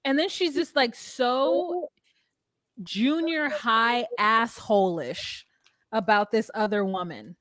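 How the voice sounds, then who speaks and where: A woman's voice: on the high side, expressive, takes it slowly, fairly bright tone, no echo. A woman co-hosting a casual reality TV podcast, blunt and profane, acting out the scenes she retells. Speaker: podcast co-host. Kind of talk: casual chat about reality TV.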